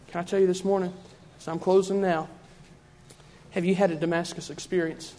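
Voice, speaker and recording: Fervent high-voiced preacher in a hall. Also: male voice, little pitch movement, a little fast, warm tone. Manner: fervent, repetitive preaching cadence. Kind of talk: sermon. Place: church.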